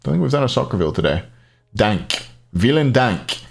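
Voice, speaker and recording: A man's voice: mid-range voice, big pitch swings, normal speed, vocal fry. A man casting an esports match on a live stream, rambling between plays and answering chat questions aloud. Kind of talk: casual live-stream commentary.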